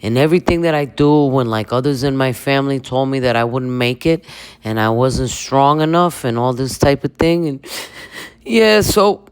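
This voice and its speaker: A heartfelt young man stumbles through a personal story, full of pauses and fillers, as a woman acts him out. It is a low-key comedic parody. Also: clean tone. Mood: earnest. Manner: halting, earnest, full of fillers. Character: sincere young man remembering his grandfather.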